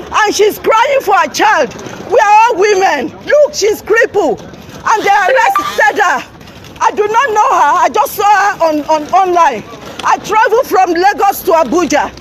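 Shouting Nigerian woman livestreaming outdoors. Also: very high voice, poor audio. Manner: shouting, confrontational, repeats herself urgently. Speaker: livestreamer confronting officials. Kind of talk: live-streamed street confrontation. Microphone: phone held while live streaming.

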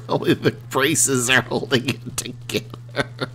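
A man giving casual commentary on his gameplay, excitable and laughing often as he cheers his machine on. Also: lowish voice, a little slow, vocal fry, slight background noise. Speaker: gamer. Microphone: desk USB microphone.

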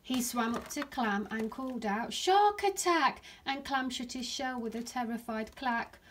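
A woman, a primary school teacher, reading a rhyming picture book aloud to her class in a gentle storytelling manner. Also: fairly high pitch, steady tone, normal speed, slight background noise.

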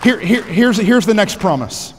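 A pastor preaching a sermon on a headset mic in a large church auditorium, energetic and joking, rising to shouts for emphasis. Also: male voice, sits high, moderate pace, big-room sound, a little hiss or hum.

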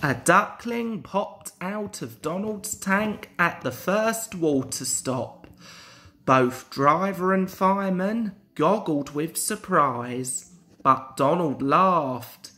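A man's voice: high voice, lively intonation, slow, bright, forceful tone. A young man reading a children's railway storybook aloud, carefully. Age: young adult.

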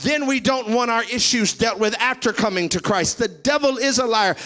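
A man preaching a sermon as pastor, swinging between quiet asides and shouted, sing-song declarations, sometimes mimicking his congregation. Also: very high voice. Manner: mimics congregation members for effect.

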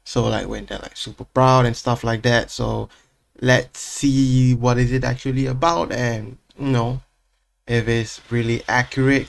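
Gravelly laid-back reaction host. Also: male voice, mid-range voice. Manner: laid-back, filler-heavy chatter. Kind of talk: casual reaction commentary.

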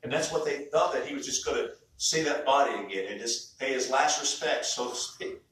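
A pastor preaches a sermon in a church sanctuary, speaking conversationally and often restarting his words. His voice is mid-range, fairly quick, and a bit bright. A far-off mic catches him in the echoey church.

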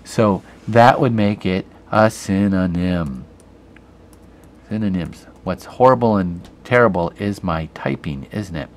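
Male teacher, lowish voice, patient step-by-step grammar explanations to camera. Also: a little slow. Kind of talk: online grammar lesson. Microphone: computer camera mic.

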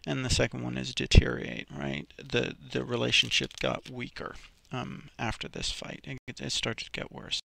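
A man's voice: medium pitch, flat delivery, normal speed, gravelly, pushed and bright, no room sound. A man teaching a recorded vocabulary lesson, explaining each example step by step with many ums and restarts.

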